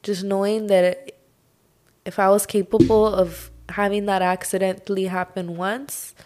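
A young woman hosting her own podcast, talking through a personal struggle in a slow, heartfelt monologue full of sighs and "like". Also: medium pitch, little pitch movement, darkish tone, a little hiss or hum. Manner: slow, sighing, heartfelt, says "like" often. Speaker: podcast host.

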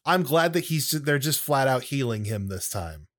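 A man in casual podcast chat, rambling and joking through his asides. His voice sits at an everyday middle pitch, and his delivery is loose and conversational. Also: expressive, normal speed, a bit bright. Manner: chatty and jokey, with many fillers and asides. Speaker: wrestling podcast co-host.

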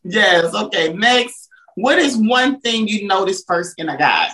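A woman's voice: mid-range voice, expressive, a little slow, fairly bright tone, poor audio. A woman hosting a casual interview, bubbly, exclamatory and teasing. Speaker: interview host.

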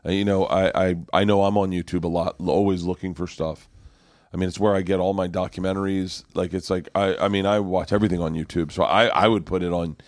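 A man in his forties from Florida, a guest comedian telling stories in an animated, profane, laughing way. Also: low-pitched, fast, dry recording, clean studio sound. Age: 40s. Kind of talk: casual podcast storytelling.

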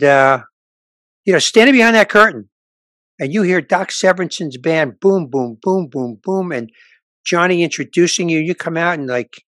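An older man, a veteran stand-up comic, spins a story in an easy conversational way. His voice sits a little high and jumps up when he acts out the other people in the story. The sound is close and dry. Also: dry recording. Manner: animated storyteller acting out dialogue. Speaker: stand-up comedian guest. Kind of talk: casual storytelling chat.

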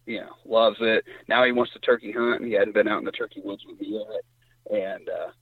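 A man's voice: fairly quick, husky, no echo. Man telling a hunting story over the phone. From Indiana. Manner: animated storyteller, voice jumps high when quoting others. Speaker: guest hunter. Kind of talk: casual storytelling. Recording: tinny phone line.

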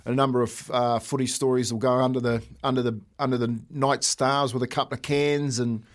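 A man's voice: medium pitch, brisk. A man co-hosting a sports radio show, telling yarns in casual banter and calling everyone "mate". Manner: animated yarn-spinner, peppers talk with "mate". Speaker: sports radio co-host and player. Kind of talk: casual sports chat, storytelling.

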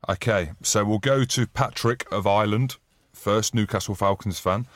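A man's voice: lowish voice, moderate pace. A man co-hosting a casual podcast, bantering with guests and stumbling through an ad read. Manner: matey, banter-filled, stumbling reads. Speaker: podcast co-host.

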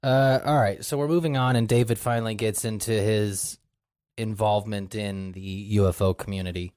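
Man, podcast co-host, deadpan, crude jokes, mellow voice, dry sound. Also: lowish voice, normal speed, clean tone, no echo. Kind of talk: casual chat, reading from a book aloud.

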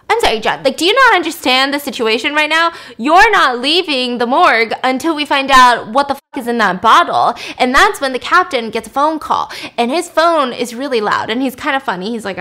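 Animated higher-voiced woman retelling a story. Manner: animated, acts out characters' lines with shifting voices. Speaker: podcast host. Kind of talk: casual storytelling recap.

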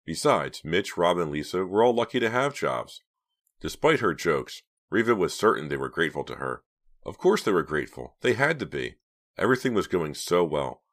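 A man reading an audiobook in steady, measured scripted narration. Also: deep voice.

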